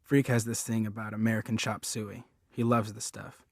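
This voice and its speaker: A man's voice: on the low side, little pitch movement, moderate pace, vocal fry, no echo, clean studio sound. A man reading a first-person story aloud as an audiobook, in an earnest, plain-spoken way. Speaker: audiobook reader.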